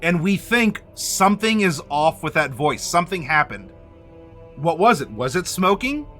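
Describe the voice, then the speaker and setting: A man hosting a game master workshop, talking to camera and addressing the viewer directly in an animated way. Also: fairly high pitch, moderate pace, faint music behind. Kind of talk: instructional talk to camera.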